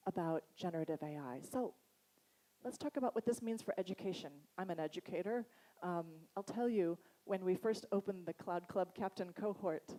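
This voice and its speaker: Boston-accented woman, lively conference speaker, warm low-bright tone. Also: poor audio. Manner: chatty and animated, laughs often. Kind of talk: conference talk. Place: conference hall.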